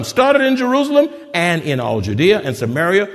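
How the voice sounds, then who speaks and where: High, lively preacher in an echoey hall. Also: male voice, a little fast, hardly any pauses. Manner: fervent preaching, calls for amens from the congregation. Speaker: pastor. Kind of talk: sermon.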